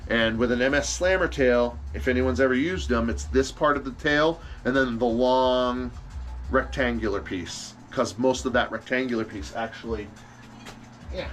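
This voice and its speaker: A man in a workshop talks casually through a livestream, answering viewers' questions. His voice sits at an ordinary middle pitch, and he rambles, doubles back on his words and drops the occasional curse. Faint music plays quietly in the background. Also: moderate pace. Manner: rambling, restarts often, casual swearing. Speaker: fishing lure maker hosting a livestream. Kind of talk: casual live-stream chat answering questions.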